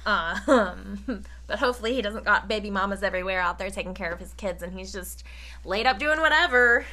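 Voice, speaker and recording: A woman's voice: mid-range voice, brisk, sharp tone. A woman joining a podcast as a guest, talking bluntly in casual slang with some swearing. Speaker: podcast guest, host's sister. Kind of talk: casual chat.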